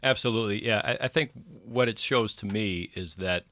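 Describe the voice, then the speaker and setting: A male podcast guest speaking in a measured, articulate way about politics. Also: lowish voice, sharp tone, no room sound. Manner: measured, articulate, some restarts. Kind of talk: casual political chat.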